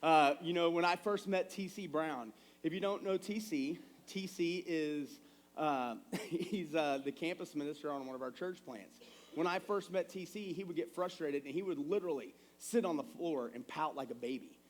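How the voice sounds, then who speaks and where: A man in his thirties delivers a sermon in a church with a slightly higher-than-usual voice. He talks in a casual, animated way, slipping into quick stories about his kids. His tone stays conversational rather than formal. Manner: conversational, animated storytelling with acted quotes. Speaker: pastor. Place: church sanctuary.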